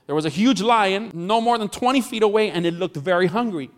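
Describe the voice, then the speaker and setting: A man whose voice sits high, with lively intonation and a brisk delivery, preaches as pastor. He shares a story, cracks jokes and talks with the congregation, his words echoing with the long reverb of the church hall.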